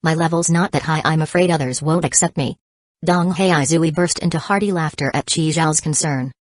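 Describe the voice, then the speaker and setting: A woman narrating an audiobook in an even, steady reading voice. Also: deep voice, normal speed, no room sound, studio quality. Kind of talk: scripted narration.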